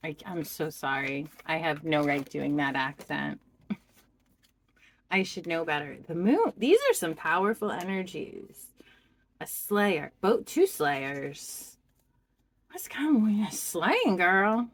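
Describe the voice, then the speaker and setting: A woman doing a pick-a-card tarot reading, speaking to the viewer in a slow, heartfelt and expressive way. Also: low voice. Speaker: tarot reader.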